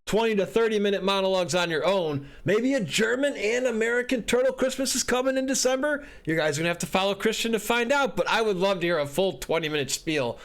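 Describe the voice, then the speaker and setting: A man hosting a podcast, chatting in an animated way, laughing and asking his co-host questions. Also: high voice, quick pace, few pauses. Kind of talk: casual podcast chat. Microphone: podcast microphone, audio only.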